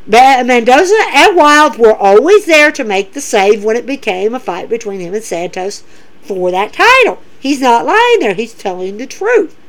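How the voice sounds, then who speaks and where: Lively high-pitched woman recapping wrestling. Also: normal speed, low-quality recording. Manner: excitable, animated retelling with quoted lines. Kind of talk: casual recap commentary.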